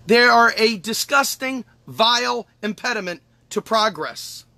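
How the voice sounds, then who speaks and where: A man's voice: high-pitched, expressive, unhurried, gravelly, bright, forceful tone, dry recording. A man delivering an angry, emphatic political monologue as host, swearing and repeating lines for effect. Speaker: podcast host.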